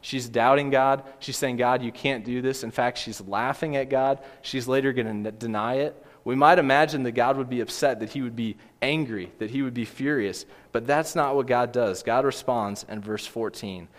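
A man's voice: medium pitch, normal speed, few pauses. A man preaching a sermon in an ordinary mid-range voice. He speaks earnestly, putting questions straight to his listeners and circling back to repeat his main points. The sound carries a long reverb, like a large church hall. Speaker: pastor.

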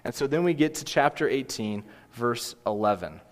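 A man's voice: mid-range voice, expressive, normal speed. A man preaching a sermon in an ordinary mid-range voice. He speaks earnestly, putting questions straight to his listeners and circling back to repeat his main points. The sound carries a long reverb, like a large church hall. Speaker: pastor.

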